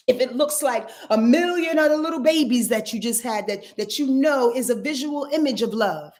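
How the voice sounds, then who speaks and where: A woman giving a casual astrology forecast, talking in an earthy, emphatic way and swearing freely. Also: high voice.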